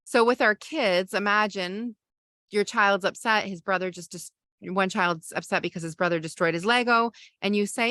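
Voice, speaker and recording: A woman's voice: mid-range voice, measured pace, pushed and bright, no echo, clean studio sound. A woman, a parenting coach and podcast host, teaching a masterclass in a conversational way and explaining with everyday examples.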